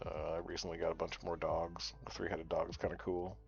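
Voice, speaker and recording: A man with a deep, gravelly voice rambles through his game commentary, talking straight to chat and swearing freely. The stream audio is dull and lo-fi, with faint music underneath. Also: little pitch movement, fairly quick. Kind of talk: casual gaming commentary.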